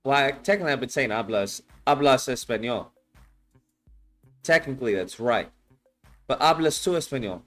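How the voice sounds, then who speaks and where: A man hosting a call-in show, reacting in an excitable, incredulous way and swearing freely. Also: medium pitch, normal speed, pauses often, soft background music. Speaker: host.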